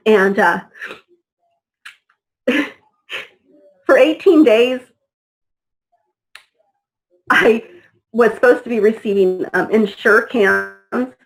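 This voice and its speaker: High-voiced woman telling her story with feeling. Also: lively intonation, drawn-out words, long pauses, poor audio. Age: adult mother. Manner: vivid, acts out dialogue in her retelling. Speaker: interview guest. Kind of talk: emotional personal storytelling.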